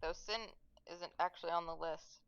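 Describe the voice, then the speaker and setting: A woman playing a tabletop game, asking brisk practical questions. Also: fairly low pitch, steady tone, gravelly, smooth, no echo. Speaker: player. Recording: dry dull lo-fi mic.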